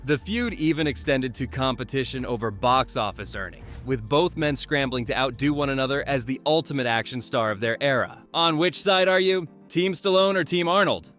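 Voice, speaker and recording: A man's voice: medium pitch, normal speed, hardly any pauses, a bit bright. A man narrates a scripted commentary in an ordinary mid-range voice. His delivery is wry and mildly sarcastic, and he addresses the viewers directly. Faint music plays behind him.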